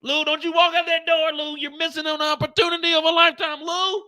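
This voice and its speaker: A man putting on a record label boss who begs and wails in a high, strained, whiny voice. He sounds bright and sharp, pushing his words out loud and desperate. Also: level tone, a little fast, exaggerated voice. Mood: wailing. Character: pleading record label man, adult male, clingy.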